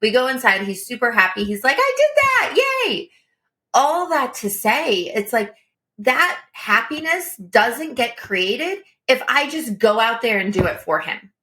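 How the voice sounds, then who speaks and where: A woman in her thirties co-hosting a coaching podcast, telling stories in an earnest, lively way. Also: a little high, unhurried. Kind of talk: casual coaching talk.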